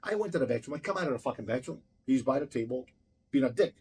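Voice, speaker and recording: Fast-talking husky man, heated and profane. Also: mid-range voice, lively intonation, a little mellow. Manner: blunt, heated, swears constantly, acts out every exchange. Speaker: restaurant owner. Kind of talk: profane anecdotal storytelling in an interview.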